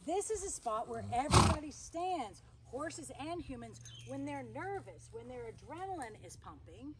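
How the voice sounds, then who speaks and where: A woman's voice: high voice, sing-song, moderate pace, background noise. A woman horse trainer telling a story in a chatty way while working a horse outdoors, breaking off now and then to praise the horse. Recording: outdoor ambience with horse noises.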